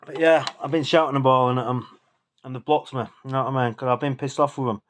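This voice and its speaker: Bloke a bit drunk, rambling sweary rant, indignant, middle-pitched voice. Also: male voice, steady tone, fast. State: tipsy from drinking. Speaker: vlogger. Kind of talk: ranting casual monologue.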